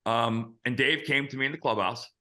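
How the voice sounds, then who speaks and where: Male host, 50s, ex-pitcher; bright, forceful tone; blunt, profane anecdotal storyteller. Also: brisk. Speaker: host, former big-league pitcher. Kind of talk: casual storytelling chat.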